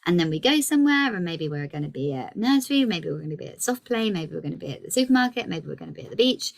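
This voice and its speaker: A woman in her thirties giving a lively, encouraging workshop talk to parents on early communication. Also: lowish voice, fast talker, vocal fry. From England. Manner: lively and encouraging, acts out child dialogue.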